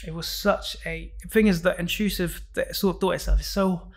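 Podcast guest, young man, raised voice, gravelly, candid and fast. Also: high voice, fairly even intonation. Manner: candid, acts out his own past thoughts. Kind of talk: personal story in a podcast interview.

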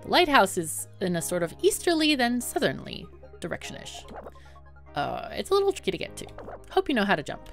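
A woman reading as a hurried apple seller. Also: a little high, huge pitch swings, a bit bright, soft background music, pitched above the performer's own voice, full character voice. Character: busy male apple fruit seller.

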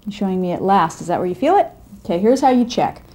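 A woman with a mellow, darker voice guides a student through sounds one step at a time. Her delivery is calm and instructive, like a narrator of an educational video. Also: mid-range voice, quick pace. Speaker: narrator and reading teacher. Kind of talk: scripted narration and one-on-one teaching.

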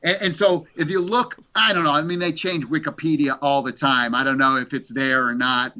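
A middle-aged man, an interview guest, chatting casually as an animated storyteller who repeats words. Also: on the high side, normal speed, lo-fi sound.

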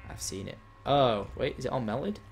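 His mid-range, gravelly voice has lively intonation and a moderate pace as he plays on his gaming channel. The young man's commentary is playful and teasing, shifting between chatty and frustrated, with a little hiss or hum in the recording.

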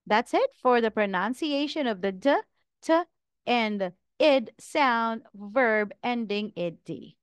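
A woman teaching English pronunciation, drilling words one at a time in a slow, deliberate way. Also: on the high side, expressive, clear, resonant tone, dry recording.

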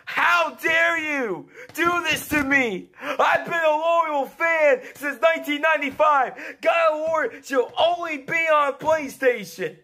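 An actor playing a whiny, melodramatic fanboy who rants, shouts and sobs over a game. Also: male voice, very high voice, slow pace, few pauses, exaggerated voice. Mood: outraged. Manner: ranting, wailing, sobbing shouts. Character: whiny adult male console fanboy, melodramatic.

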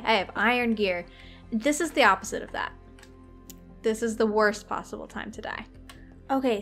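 A young woman giving chatty, excitable commentary while playing a video game, often laughing. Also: high-pitched. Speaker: gaming video creator. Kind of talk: live gameplay commentary.

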